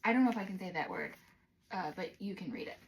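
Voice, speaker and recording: A young adult woman from the United States chatting casually in a vlog, sassy and animated, dropping into whispers for asides. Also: fairly low pitch, fast, rough recording. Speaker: vlogger doing product try-ons.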